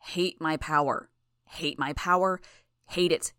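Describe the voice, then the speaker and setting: A woman voicing a raspy, sullen young male healer who complains bitterly in a dry recording. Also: deep voice, steady tone, slow pace, fairly bright tone, no echo.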